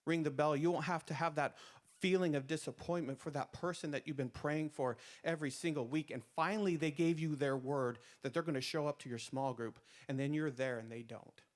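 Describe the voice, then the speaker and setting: A man's voice: on the high side, steady tone, brisk, hardly any pauses. A man preaching a sermon to small group leaders, emphatic, repeating phrases with rising force and often restarting his words. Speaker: pastor.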